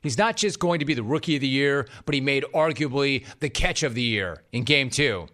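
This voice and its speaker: A mid-range male voice, a little on the fast side, belongs to a sports talk show host. He's in a studio, giving an energetic, sarcastic monologue laced with jokey asides.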